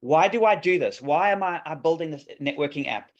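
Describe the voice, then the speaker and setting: A man's voice: on the high side, animated, a little fast. A man presenting an app demo on a video call, enthusiastic and salesy, with many fillers and restarts. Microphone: video call microphone. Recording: dull lo-fi call audio.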